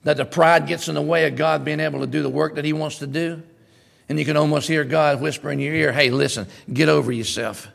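A male pastor preaching a sermon in an animated, conversational way, with sudden loud bursts. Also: a little high, fast, creaky, in a large hall.

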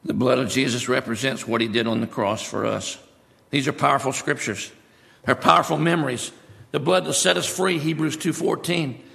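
A man's voice: mid-range voice, moderate pace, gravelly, sharp tone. A male preacher giving a sermon, emphatic, repeating his key phrases. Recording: long hall reverb.

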